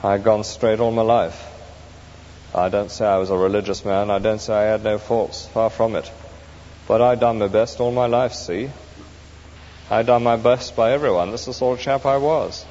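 A man's voice: on the low side, fairly even intonation, moderate pace, a little mellow, muffled recording, close to an everyday voice. A man voicing a self-righteous, working-class male ghost who grumbles insistently about his rights, recorded in an echoey hall with faint hiss. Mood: indignant. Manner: aggrieved, insistent, coarse talk.

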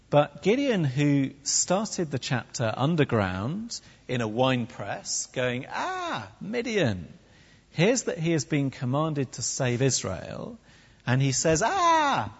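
A preacher gives a sermon with wry humour and a very lively, swooping pitch. His voice is a little husky and slightly high. It sounds dull and echoey, as if caught from the far side of a large hall. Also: slow pace. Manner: animated, wry, with comic put-on voices. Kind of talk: sermon with humorous asides.

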